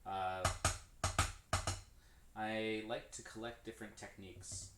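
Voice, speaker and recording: With loud music behind him, a man with a fairly low voice and fairly even intonation speaks slowly while practicing drums on a stream. He rambles about stickings, corrects himself, and counts hands aloud, recorded from afar in an echoey drum-kit room with clear background noise.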